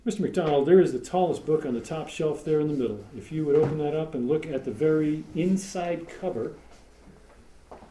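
A man's voice: on the high side, fairly quick, mellow. A man giving an informal sermon to his congregation, conversational with joking asides and many fillers. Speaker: congregation teacher. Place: meeting room with congregation. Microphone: room mic for live stream. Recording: echoey room, faint background hum.

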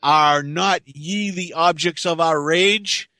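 A man reading the lines of a spiteful talking serpent, taunting in slow archaic speech. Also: a little high, pushed and bright, no echo, studio quality, heavily acted.

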